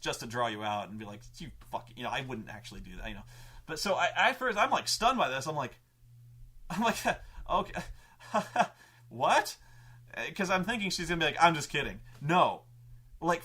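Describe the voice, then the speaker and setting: A man's voice: mid-range voice, bright, forceful tone. A man telling a tabletop gaming story in a casual, profane, rambling way, full of restarts and stammered repeats. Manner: profane and emphatic. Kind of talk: casual anecdote.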